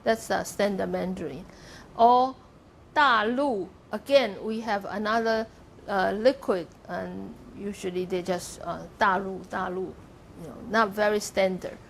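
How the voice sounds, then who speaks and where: A woman with a medium-pitched, creaky voice gives a university lecture at normal speed, with a little hiss or hum in the recording. She explains step by step, models pronunciations aloud for the students, and checks in by asking "okay?".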